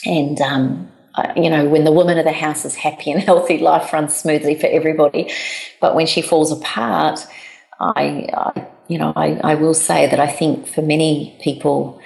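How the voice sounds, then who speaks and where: A woman in her forties, a guest telling her personal story candidly, with halting restarts. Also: sits low, level tone, creaky, a little mellow. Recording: echoey room.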